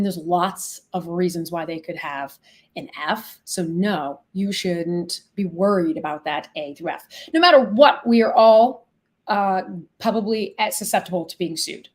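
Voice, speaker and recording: A woman hosting a live product demo, chatty and excitable, gushing over features and casually swearing. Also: on the low side. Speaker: logistics software founder and host.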